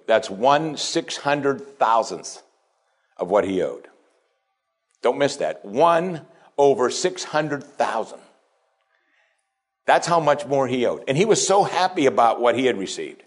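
A pastor preaching a sermon, dropping to quiet asides and then rising to strong, emphatic lines. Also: male voice, medium pitch. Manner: preaching with wide swings between hushed asides and raised, emphatic lines.

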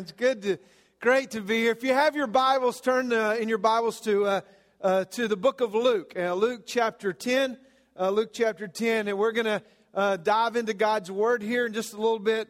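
A man with a Southern US accent preaching as a guest pastor, folksy and full of fillers, telling a humorous story in a sermon. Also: sits high. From American South. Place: church sanctuary. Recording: long reverb of a church hall.

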